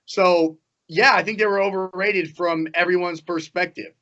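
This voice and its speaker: A man co-hosting a casual sports podcast, talking quickly, laughing and repeating himself. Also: high-pitched, steady tone, pushed and bright. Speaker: podcast co-host. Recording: dull lo-fi sound.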